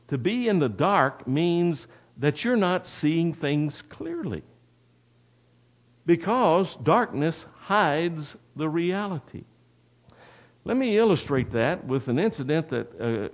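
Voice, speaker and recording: A man preaching a sermon, folksy and talking straight to the congregation, with a personal story. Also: a little high. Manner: folksy, addresses the congregation directly. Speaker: pastor.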